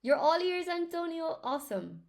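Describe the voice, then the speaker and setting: A woman's voice: very high voice, big pitch swings, normal speed. A woman teaching English in a chatty live lesson, greeting viewers by name as she explains grammar.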